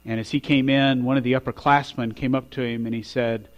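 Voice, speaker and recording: A male pastor preaching a sermon, building to loud, emphatic peaks and dropping quiet at the ends of phrases. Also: medium pitch, little pitch movement, brisk, highs cut off.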